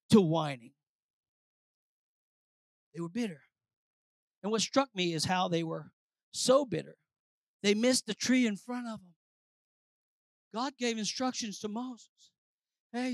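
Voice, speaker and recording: A preacher delivering a sermon, swinging between shouted declarations and low, quiet lines, calling out to the congregation. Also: a little slow, long pauses, no room sound. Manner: calls out to the congregation.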